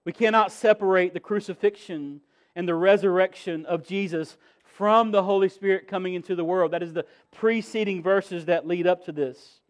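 A man with a notably high-pitched voice preaches a sermon as pastor. He is earnest, repeats his key phrases and lets his emphasis swell and fall back. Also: normal speed.

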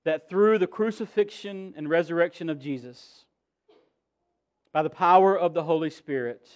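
A man's voice: fairly high pitch, moderate pace. A man in his thirties preaching a sermon as pastor, earnest, repeating key phrases and building emphasis.

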